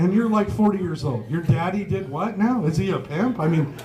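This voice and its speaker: A man's voice: high-pitched, animated, brisk, mellow. A man doing a stand-up set on a pub stage, swearing freely and chuckling at his own jokes. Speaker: stand-up comedian. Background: faint live audience.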